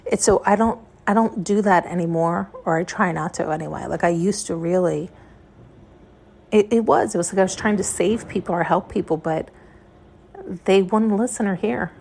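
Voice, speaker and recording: A woman's voice: fairly low pitch, moderate pace, creaky, a little mellow. A woman hosting a podcast, talking in a rambling, frank and profane monologue. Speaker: podcast host. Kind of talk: casual intuitive monologue.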